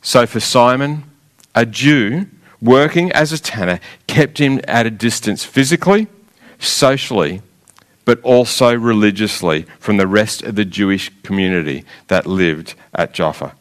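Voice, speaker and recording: A man preaching a sermon, retelling a scripture story in a measured, emphatic way with rhetorical pauses. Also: lowish voice.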